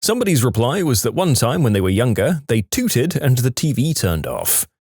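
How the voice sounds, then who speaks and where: A man reads storytime posts with a lively voice that swings widely up and down. His pitch sits in a middle range, and the sound is dry and close. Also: moderate pace, slightly rough, dry recording. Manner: lively, expressive reading. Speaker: narrator. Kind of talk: scripted storytime narration.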